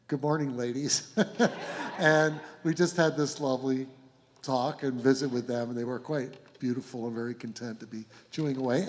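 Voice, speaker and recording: A middle-aged man, a folk musician, telling a gentle, meandering anecdote between songs on a concert stage, chuckling as he goes. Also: medium pitch. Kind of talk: rambling onstage storytelling. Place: live concert venue stage. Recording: reverberant live hall with instruments.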